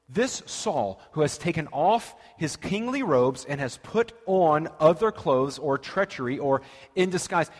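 Male preacher, sermon, animated storyteller with a fairly high voice. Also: in a large hall. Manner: animated storytelling with dramatic quotes.

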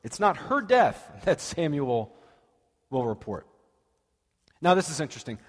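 A male preacher giving a sermon, retelling a story with animated, dramatic quotes. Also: on the high side, measured pace, long reverb tail.

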